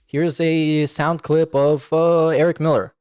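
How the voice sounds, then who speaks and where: A man's voice: a little high, flat delivery, unhurried, a little mellow, smooth, no echo, studio quality, soft background music. A man streaming live, thanking members and mocking a video he is watching with sarcastic running commentary.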